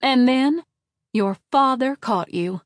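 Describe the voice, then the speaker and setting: Woman doing a high, sing-song storybook mom, theatrical, slow and drawn out, dry close sound. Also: expressive, dry recording, lightly acted. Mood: fond, dramatic. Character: doting mother retelling a family story.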